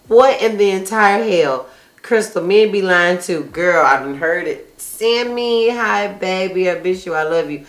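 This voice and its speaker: A woman's voice: lowish voice, animated, a little slow. A woman hosting a casual chat show, reading live comments aloud and talking bluntly with lots of swearing and laughter. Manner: blunt, profane, laughing often. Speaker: host. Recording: echoey room.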